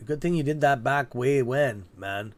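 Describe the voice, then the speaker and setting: A man hosting a live trading stream in a loose, chatty way, reacting aloud to what viewers write. His voice sits at an ordinary middle pitch, and he swears freely when something irritates him. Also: unhurried. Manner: swears openly when annoyed. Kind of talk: casual livestream chat reading viewer comments.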